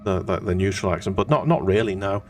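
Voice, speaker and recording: A man's voice: low-pitched, fast talker. A man from Wales chatting on a painting stream, hesitant and full of fillers. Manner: hesitant, many uh fillers and restarts. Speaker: guest co-host. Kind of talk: casual chat on a live stream. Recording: distant mic with faint music.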